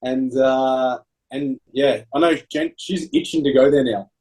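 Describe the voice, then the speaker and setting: A man at a mid pitch, chatting casually on a podcast. He tells stories in a relaxed, easygoing way. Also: measured pace, poor audio. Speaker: podcast co-host. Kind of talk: casual chat.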